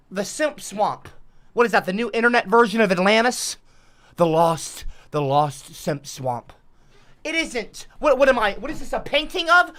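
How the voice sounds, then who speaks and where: A woman's voice: on the high side, a bit bright. Sarcastic rambling woman streamer. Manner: sarcastic, rambling, swears a lot. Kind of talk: casual rambling stream talk.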